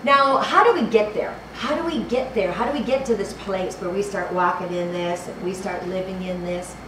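A woman's voice: mid-range voice, moderate pace. Fervent woman preaching in an echoey hall. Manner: fervent, repeats phrases, fumbles for verses. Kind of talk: sermon. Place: church hall. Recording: echoey hall, distant mic, background noise.

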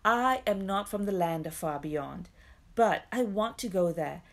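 A woman voicing a brave, honest young boy who speaks in a clear, ringing voice. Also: mid-range voice, lively intonation, a little slow. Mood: earnest.

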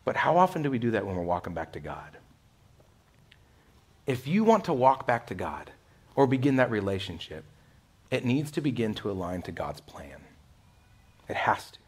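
A male pastor delivering a sermon in a conversational way, swinging from loud, emphatic lines to hushed ones and acting out the voices he quotes. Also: mid-range voice, very animated, normal speed, pauses often, slightly rough. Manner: conversational, many "like" asides and laughs. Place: church sanctuary.

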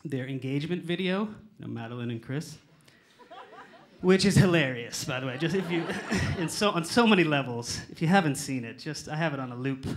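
A middle-aged American man doing stand-up, his voice sitting a touch high for a man. He rambles through fillers and drops profanity in a dry, sardonic way. A faint hiss sits under the club recording. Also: expressive, brisk. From United States. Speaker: stand-up comedian. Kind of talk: stand-up comedy set. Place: comedy club stage.

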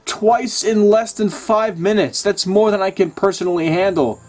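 A man's voice: sits high, normal speed, a little mellow. A young man doing casual commentary over a video game, swearing often and ranting in exasperation. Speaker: let's play gamer.

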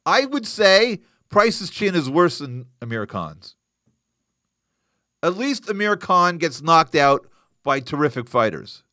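A slightly high male voice speaks slowly as he hosts a live boxing news broadcast. He's animated and jokey, reacting to live chat and answering comments. The recording is dry and of studio quality.

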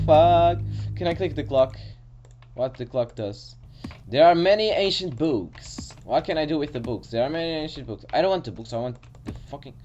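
A man's voice: a little high, dark tone, a little hiss or hum. Jumpy young man playing a horror game. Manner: jumpy and nervous, swears when startled, talks to himself. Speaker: gaming channel host. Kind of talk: horror game let's play commentary.

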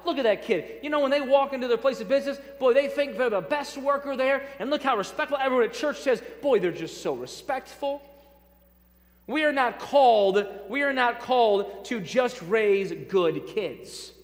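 A pastor with a high, bright voice delivers a sermon straight to his congregation, his words ringing through the church sanctuary with a long reverb. He hammers home key phrases emphatically by repeating them and slips in light, humorous asides to the crowd.

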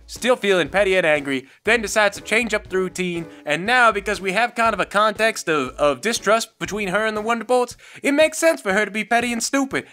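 A woman's voice: mid-range voice, pushed and bright. A woman giving casual spoken commentary, rambling and sardonic as she spins a story. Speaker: video commentator.

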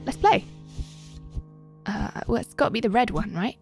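A woman streaming a game live, chatting casually and squealing with excited giggles. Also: on the high side, normal speed, faint music behind. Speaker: Twitch streamer.

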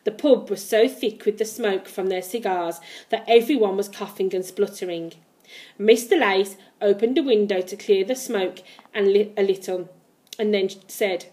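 Woman reading aloud a children's story; lively narration, average pitch. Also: moderate pace. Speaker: reader.

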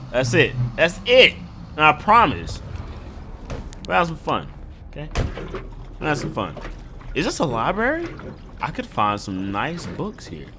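A man playing a video game at home, commenting excitedly and shouting at the characters. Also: on the high side, noisy background. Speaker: gaming YouTuber. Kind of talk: let's play commentary. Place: home room.

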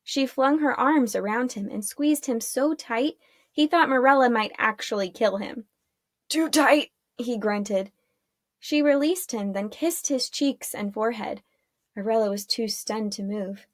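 A teacher reading a children's chapter book aloud in a calm, clear storytelling manner. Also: female voice, a little high, measured pace, dry recording, clean studio sound.

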